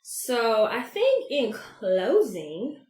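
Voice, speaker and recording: A woman, hosting her own podcast in a brash, profane, animated way. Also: on the high side, extremely slow, reverberant, slight background noise. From Georgia, US. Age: 30s. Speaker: podcast host. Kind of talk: casual solo podcast monologue.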